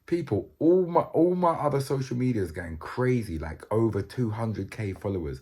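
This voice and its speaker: A man's voice: mid-range voice, expressive, normal speed, dark tone. A young man, chatting to camera in a casual, joking, slang-filled way. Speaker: vlogger.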